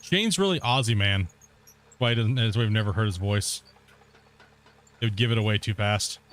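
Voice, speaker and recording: A man's voice: lowish voice, moderate pace. A man streaming a game, chatting casually with his viewers and laughing often. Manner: chatty, talks straight to viewers in chat, frequent laughter. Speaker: gaming streamer. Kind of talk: casual livestream chat.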